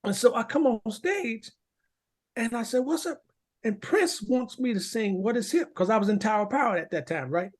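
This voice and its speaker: Podcast guy telling a story, really animated, voice jumps all over, does the voices of everyone in it. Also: very high voice, normal speed. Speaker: podcast co-host. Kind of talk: casual storytelling chat.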